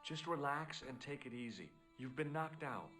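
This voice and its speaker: An actor with an American accent voicing a laid-back tourist hero who narrates with dry, wry wit in a 1990s point-and-click game. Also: male voice, medium pitch, lively intonation, normal speed, over music, close to an everyday voice. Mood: calm. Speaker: player character and narrator.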